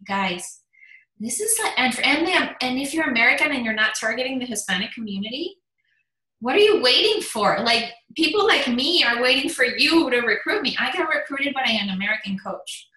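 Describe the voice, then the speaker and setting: A woman in her forties, a fitness business coach, giving an energetic motivational talk in emphatic bursts. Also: on the high side, moderate pace. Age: 40s. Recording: echoey room.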